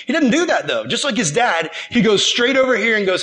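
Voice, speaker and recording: A man's voice: high-pitched, a little fast, few pauses. A young man giving a casual, slangy sermon, retelling a scripture story and acting out the characters' lines. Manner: animated, slangy, acts out the characters. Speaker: preacher.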